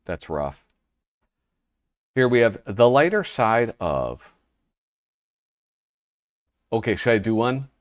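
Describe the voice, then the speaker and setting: A man's voice: fairly low pitch, sing-song, takes it slowly, long pauses, dry recording, studio quality. A man hosting a casual show, flipping through an old humor magazine and reading the panels aloud with a wry, rambling manner. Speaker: host.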